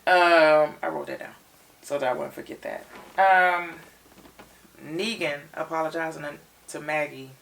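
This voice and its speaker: A woman tells an episode's story in lively detail, her voice bright and heavily gravelly. She sits a little back from the mic. The recording has a slightly distant feel. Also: sits low, unhurried. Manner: expressive storyteller, retells scenes in detail. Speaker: reaction show co-host. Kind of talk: animated episode recap.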